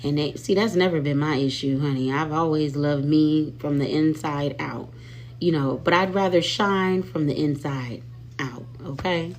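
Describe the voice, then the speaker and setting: A woman with a lowish voice talks casually to her livestream viewers. She is chatty and sassy, and keeps calling them y'all and honey. A faint hum runs under the recording. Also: normal speed. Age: adult with children. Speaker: livestream host. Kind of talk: casual live-stream chat.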